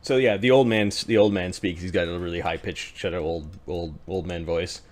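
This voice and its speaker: A man narrating a tabletop game as game master in a halting, casual way. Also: low-pitched, steady tone.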